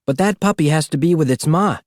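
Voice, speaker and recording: A man's voice: fairly high pitch, brisk, a little mellow, no room sound, clean studio sound, pitched above the performer's own voice, natural voice. A man voicing a brave young boy who speaks up urgently and kindly. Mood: firm. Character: brave boy, kind big-brother type.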